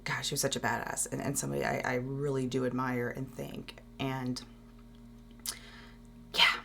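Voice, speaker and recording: Gravelly-voiced woman hosting a tribute. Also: a bass voice, level tone, sharp tone, a little hiss or hum. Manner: halting, many fillers and restarts. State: holding back tears. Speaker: show host. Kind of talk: emotional tribute talk.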